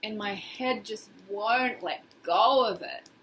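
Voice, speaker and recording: A woman guiding a tapping exercise in a casual, expressive way, acting out feelings as she leads. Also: mid-range voice, slow pace, slight background noise. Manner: casual, expressive, acts out feelings in quoted phrases. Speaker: tapping session guide.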